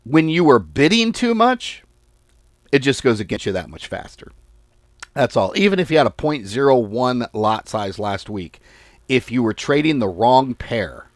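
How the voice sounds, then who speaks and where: A male trading host speaks in casual, blunt commentary, exasperated with his audience and not shy about swearing. His delivery is animated, with pitch swinging widely from line to line. The sound is close and dry, with no room around it. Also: normal speed, dry recording. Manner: lively, swings pitch and volume. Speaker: forex trading channel host. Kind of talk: casual market commentary to viewers.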